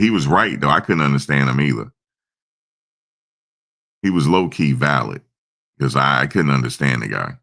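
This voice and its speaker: Male streamer, very deep and gravelly, casual, rambling chat. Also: expressive, moderate pace, long pauses, a bit bright. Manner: rambling, chats with viewers' comments. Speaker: livestream host.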